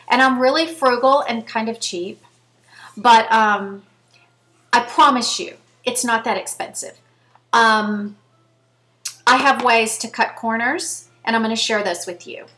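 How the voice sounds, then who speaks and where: A woman's voice: fairly high pitch, a bit bright, a little hiss or hum. A woman in her fifties, chatting earnestly to her viewers and telling a story straight to camera. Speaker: vlogger. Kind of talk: casual chat to camera.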